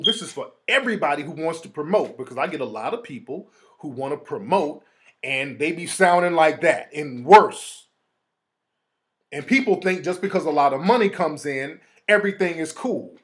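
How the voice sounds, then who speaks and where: A man hosts his own show in a casual, streetwise monologue, his fairly high voice rising and falling with lively swings. He slips into quick impressions of other people as he talks. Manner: animated, streetwise slang, mimics others. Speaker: host.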